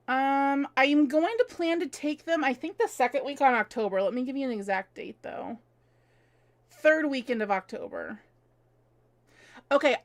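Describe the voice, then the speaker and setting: Woman, thirties, high-pitched, casual live-stream chat, laughs a lot, at home. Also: a bit bright. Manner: chatty, laughs often, answers viewers one by one. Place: her home.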